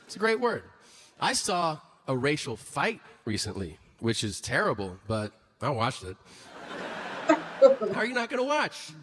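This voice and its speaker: A man's voice: fairly high pitch, a little slow. A man doing a stand-up comedy routine, telling stories animatedly and acting out the people in them, with a lot of profanity. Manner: animated storytelling, acts out characters, profane. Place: stage before a laughing audience. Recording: noisy live show recording.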